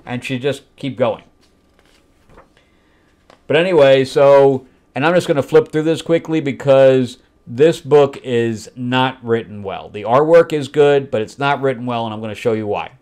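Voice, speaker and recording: Brief: male host critiquing a comic, blunt and exasperated, mocking the story in quick asides. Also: medium pitch, a little mellow. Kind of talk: comic book review.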